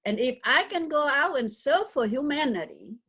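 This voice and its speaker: A woman's voice: sits high, animated, moderate pace, a bit bright. An older woman from Vietnam with a Vietnamese accent and broken English, speaking earnestly and emphatically in an interview. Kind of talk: conversational interview.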